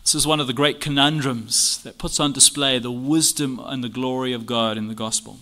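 A bright, forceful male voice leading an expository Bible lesson. He reads passages aloud and drives each point home with a string of earnest rhetorical questions. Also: mid-range voice, steady tone, normal speed. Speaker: Bible teacher. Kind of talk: expository teaching on a church confession.

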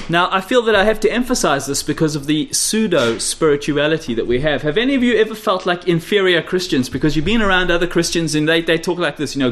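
A man preaching an expository sermon, stressing key phrases by repeating them and dropping low and quiet, and putting rhetorical questions to his listeners. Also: animated, a little fast, slight background noise. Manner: asks the audience rhetorical questions.

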